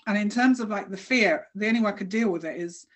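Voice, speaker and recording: Woman telling a story in a chatty interview, lively, laughs and acts out quotes, middle pitch. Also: fast. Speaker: guest.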